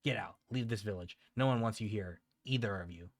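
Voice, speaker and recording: A man voicing a cruel, boastful village bully boy who taunts and mocks, pitched above his usual low voice. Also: a little fast, dry recording, clean studio sound. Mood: angry. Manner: taunting, mocking.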